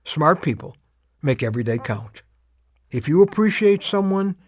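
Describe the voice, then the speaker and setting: A heartfelt man delivers a devotional message in a slightly high voice, speaking close to the mic in a dry, deadened space. His storytelling is earnest and emphatic, and he draws out his key phrases. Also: animated, no room sound. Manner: slows down to stress urgent calls to action. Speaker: radio devotional host.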